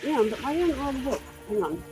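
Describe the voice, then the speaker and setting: Woman player, bouncy up and down voice, soft music behind. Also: sits high, a little fast. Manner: animated, describes moves playfully. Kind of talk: casual game chat.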